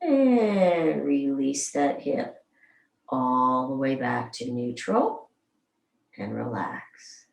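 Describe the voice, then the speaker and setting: A woman leading a gentle somatic movement class, calmly guiding each move and counting slowly aloud. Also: rumbling low, vocal fry. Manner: slow, soothing, counts aloud. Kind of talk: guided exercise class. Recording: roomy sound, mic at a distance.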